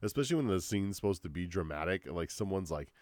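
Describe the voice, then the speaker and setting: Deep-voiced bro ranting, profane and slangy. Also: male voice, lively intonation, fast talker, a little mellow, no echo. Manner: profane, slangy rambling with lots of "dude" and "like". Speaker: podcast host. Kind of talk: casual solo rant.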